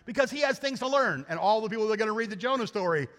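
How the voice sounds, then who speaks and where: A pastor voicing God, patient and all-knowing. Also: male voice, sits high, lively intonation, very fast, a bit bright, voice pushed up. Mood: musing. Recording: long church reverb.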